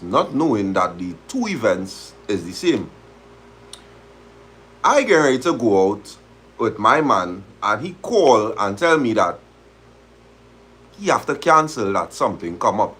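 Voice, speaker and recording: A man's voice: mid-range voice, sing-song, measured pace, pauses often, fairly bright tone, slightly rough. A man hosting a live stream, reading a story aloud in dialect and reacting to it animatedly. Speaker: host of a live talk stream.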